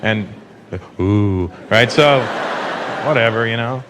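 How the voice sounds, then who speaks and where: A North American man telling stories in a stand-up routine, chatty and animated, with asides to the audience. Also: mid-range voice, takes it slowly. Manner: conversational, animated storytelling with asides. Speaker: stand-up comedian. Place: theater stage before a live audience. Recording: live recording with loud crowd and room noise.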